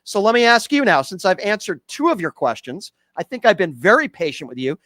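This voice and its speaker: High-voiced mocking radio host, man. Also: sing-song, brisk, bright, forceful tone, no room sound. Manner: mocking, insulting, talks over callers. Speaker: radio call-in show host. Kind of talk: combative call-in radio talk.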